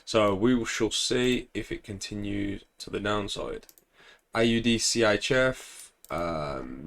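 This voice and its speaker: A young man casually talking through forex charts, relaxed and chatty with lots of ums, often clearing his throat and praising his own setups. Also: lowish voice. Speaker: forex trader. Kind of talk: casual screen-share market commentary.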